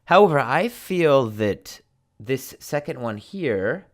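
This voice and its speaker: Slow, deliberate American man teaching. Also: medium pitch, sing-song. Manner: slow, deliberate, repeats examples. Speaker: English teacher. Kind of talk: pronunciation lesson.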